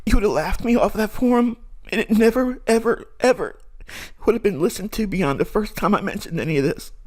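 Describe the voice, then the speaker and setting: A man with a fairly high voice delivers a fervent, preachy monologue to his viewers. He talks like a trading channel host who is defiant and wholly sure of his calling. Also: expressive, a little fast.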